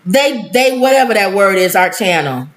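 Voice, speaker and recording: A woman co-hosting a casual live-stream talk show, animated and quick to laugh, reading viewer comments aloud. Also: medium pitch, low-quality recording.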